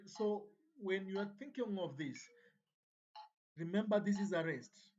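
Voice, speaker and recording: A woman's voice: mid-range voice, unhurried, a little mellow, highs cut off. A woman teaching a music revision lesson, counting beats aloud and chanting rhythm syllables.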